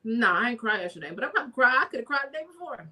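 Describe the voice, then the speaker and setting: Bright, lively, husky-voiced woman chatting. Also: a little high, rapid-fire. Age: adult with a daughter. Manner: candid, laughs often, slangy storytelling. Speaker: podcast co-host. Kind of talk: casual chat.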